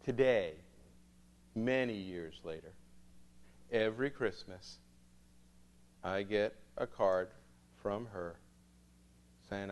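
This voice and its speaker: A man, a priest, telling a story to students in an animated way, acting out the dialogue. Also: fairly low pitch, slow pace, pauses often.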